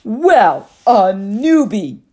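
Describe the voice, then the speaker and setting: A woman narrator gives a husky, mean-spirited teenage girl a slow, sneering drawl in an audiobook. She drags out her insults and sounds ready for a fight. The voice sits a touch back from the microphone. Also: medium pitch, very animated, dark tone, voice pushed up, heavily acted. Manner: sneering, drawn-out taunts.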